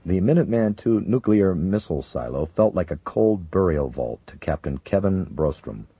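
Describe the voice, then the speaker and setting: A man reading a thriller audiobook in a steady, measured voice. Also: sits low, breathy edge. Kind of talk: audiobook narration. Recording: dull, dry recording.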